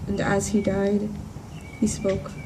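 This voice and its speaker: A woman in a church performing a monologue as a grief-stricken woman disciple at the empty tomb. She speaks earnestly and in measured phrases, with emphatic repetitions. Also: medium pitch, monotone, background noise, close to an everyday voice. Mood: sorrowful. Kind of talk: dramatic first-person monologue. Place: church service at sunrise. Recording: distant voice with faint room ambience.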